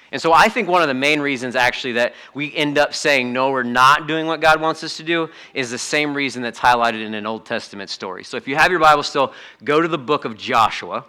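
A man preaching a sermon in a conversational, animated way, acting out quotes and asides to the congregation. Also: medium pitch. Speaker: pastor.

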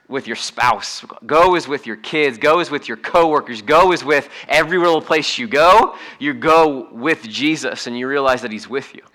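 Bright, animated male pastor. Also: medium pitch. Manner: conversational, animated, with frequent fillers and restarts. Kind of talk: casual sermon.

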